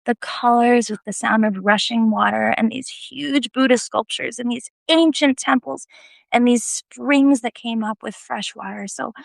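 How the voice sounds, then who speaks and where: Woman, casual live-video storyteller, lively and self-deprecating, dry close sound. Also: a little high, a little slow, gravelly, dry recording. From United States. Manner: animated, laughing, self-deprecating.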